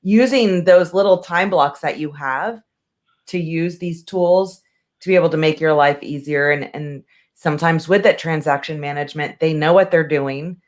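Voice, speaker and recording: Woman, 40s, co-host and agent; lowish voice; rambling, filler-heavy chat. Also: normal speed. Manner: chatty and rambling, many fillers. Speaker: co-host, real estate agent. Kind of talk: casual business chat.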